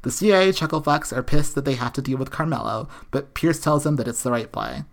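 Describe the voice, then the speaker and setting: A woman's voice: extremely low pitch, a little fast, creaky. A woman co-hosting a podcast, casually recapping a TV episode with sarcastic, profane asides. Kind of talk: casual chat.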